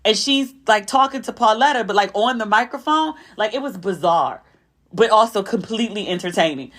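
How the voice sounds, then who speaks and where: A young adult woman hosts her podcast in a casual, chatty way, running through stories with plenty of asides. Her voice sits at a middle pitch, and she jumps higher whenever she acts out what someone else said. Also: brisk, a bit bright. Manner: chatty storytelling, acting out quotes with a raised pitch. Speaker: podcast host. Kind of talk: casual chat.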